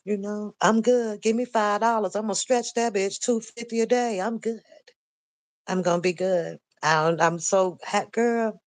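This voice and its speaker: A woman's voice: mid-range voice, fairly even intonation, normal speed, dry recording. An older woman hosting a casual live stream, ranting bluntly and profanely with lots of animation. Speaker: commentary channel host.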